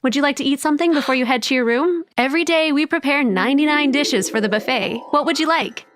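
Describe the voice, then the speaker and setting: A woman reading as a warm, friendly palace housekeeper, polite and eager to please. The voice sits fairly high, in an everyday storytime delivery. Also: fast.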